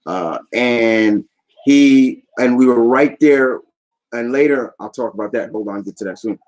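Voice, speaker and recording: A man recaps things for his vlog audience in an easygoing, rambling way. His voice sits in an ordinary middle pitch. He sounds eager and often lets a thought trail off before moving on. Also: measured pace, darkish tone, rough recording. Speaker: YouTube vlogger. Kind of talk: casual chat recap.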